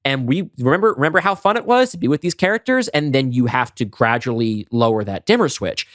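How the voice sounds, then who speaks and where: Brief: a quick, analytical male podcast host, dry and close. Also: medium pitch, expressive, no room sound. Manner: fast, analytical, talks in long runs. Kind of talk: casual chat.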